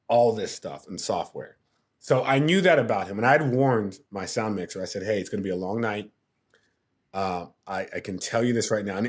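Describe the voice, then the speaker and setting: A middle-aged man telling a story as a podcast guest, acting out quotes and sound effects as he goes. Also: lowish voice. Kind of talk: casual storytelling.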